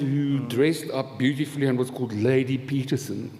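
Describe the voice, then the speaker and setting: Man, chatty storytelling, mid-pitched, live hall reverb, faint noise. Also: steady tone, measured pace, few pauses. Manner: chatty, rambling, laughs often, dry humour. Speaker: panel guest author. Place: festival event hall.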